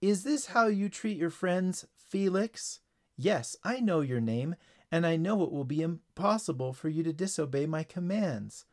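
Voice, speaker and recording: A man's voice: a little high, expressive, measured pace. A man doing an eager young boy hero. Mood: threatening. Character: earnest young boy with magic powers.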